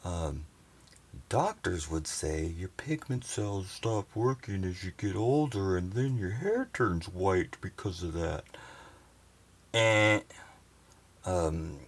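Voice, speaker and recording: A man ranting profanely and rambling indignantly on a sailboat, into a camera he has set down. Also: deep voice. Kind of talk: casual vlog rant. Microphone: handheld camera set down nearby.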